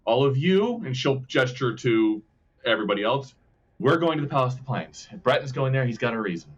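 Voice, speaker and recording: A man playing a tabletop game, giving low, firm commands as his character. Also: expressive, brisk, highs cut off. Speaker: player.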